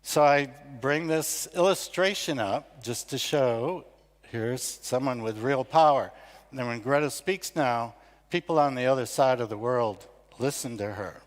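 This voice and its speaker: A man's voice: medium pitch, unhurried. An older American man giving a conversational, self-deprecating talk at an award ceremony. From United States. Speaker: award ceremony speaker, competition founder. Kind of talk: conference speech. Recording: long reverb of a large hall.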